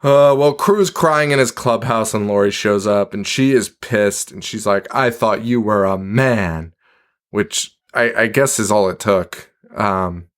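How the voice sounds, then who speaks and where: A man's voice: on the low side, unhurried, hardly any pauses. A man co-hosting a podcast, recapping a movie in casual chat, swearing often, laughing a lot and acting out lines from the film. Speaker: podcast co-host.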